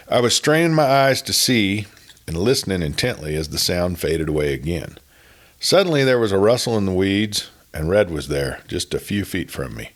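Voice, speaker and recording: A man narrating a spoken story in a folksy, unhurried way. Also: sits low, big pitch swings. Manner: folksy, unhurried, starts sentences with "well".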